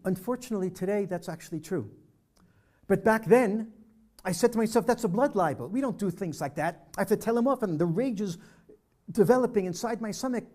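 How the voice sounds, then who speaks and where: A man's voice: high voice, lively intonation, fairly quick, a little mellow. An older man giving a personal storytelling talk at a church presentation, vividly acting out the dialogue he recounts. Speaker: speaker at a peace dialogue presentation.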